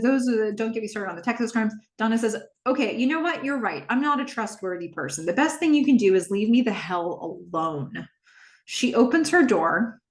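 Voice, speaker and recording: Casual and animated, a podcast host retells a TV episode scene after scene and plays out the characters' lines herself. She alters her pitch for each quote. The recording sounds roomy and echoey.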